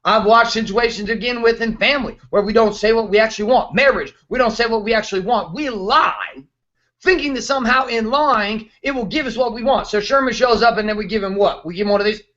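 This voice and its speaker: A man's voice: high voice, a little fast, fairly bright tone, muffled recording. A man in his thirties hosting a show, ranting bluntly and emphatically with plenty of profanity. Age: 30s. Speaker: host, motivational speaker. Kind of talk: fired-up motivational rant.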